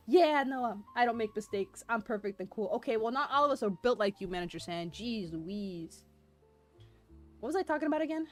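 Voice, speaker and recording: A woman streaming a history presentation live, excitable and self-deprecating, laughing often and reading chat aloud. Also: fairly high pitch, a little fast, no echo. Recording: faint music behind voice.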